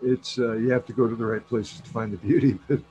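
A man's voice: medium pitch, fairly even intonation, fast, over a noisy crowd. A man chatting casually, rambling and swearing, laughing often. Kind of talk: casual chat. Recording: noisy background.

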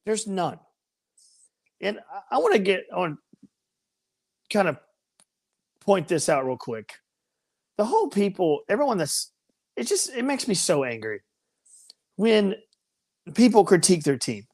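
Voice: medium pitch, very animated, measured pace, pauses often, darkish tone, slightly rough. Podcast co-host, heated and ranting, voice swings up and down a lot. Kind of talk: casual sports podcast chat.

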